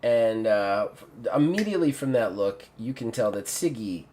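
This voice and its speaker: A man running a tabletop game as game master, narrating in an animated way with casual swearing. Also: lowish voice, normal speed, slight background noise.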